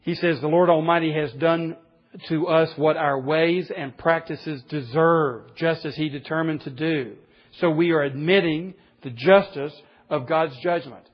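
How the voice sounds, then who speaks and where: Husky-voiced man preaching earnestly. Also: a little slow, highs cut off. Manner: earnest, conversational preaching with sudden pitch lifts and quiet drops. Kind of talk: sermon.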